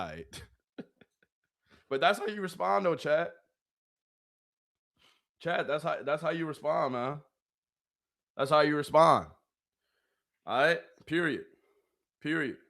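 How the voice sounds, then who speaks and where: During a live football watch party, the host, a man with a mid-range voice, gets excited as a fan, laughs often, and keeps up a running conversation with his chat.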